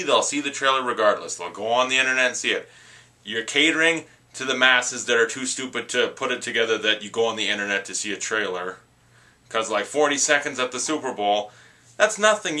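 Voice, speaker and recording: A man's voice: mid-range voice, pushed and bright. A man reviewing movie trailers in a casual, rambling, opinionated rant.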